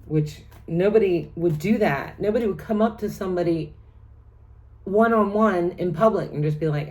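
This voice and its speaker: A chatty middle-aged woman talks through a tarot spread for her viewers. Her voice sits low, and she rattles off each card's meanings in long lists, breaking into laughs between them. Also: moderate pace, a little mellow. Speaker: tarot reader. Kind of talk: casual tarot reading vlog.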